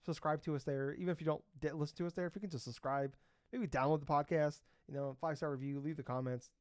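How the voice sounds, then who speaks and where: A man's voice: a little high, steady tone, fast talker, clear, resonant tone, no echo, clean studio sound. A man in his thirties co-hosting a casual gaming podcast, rambling with lots of fillers and the odd swear word. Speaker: podcast co-host. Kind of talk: casual chat.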